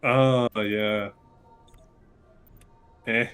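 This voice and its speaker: A man's voice: medium pitch, steady tone, extremely slow, a bit bright, clear, resonant tone, soft background music. A man chatting casually while gaming, blunt and full of swearing. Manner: blunt and heavily profane. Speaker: co-player. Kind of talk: casual chat while playing.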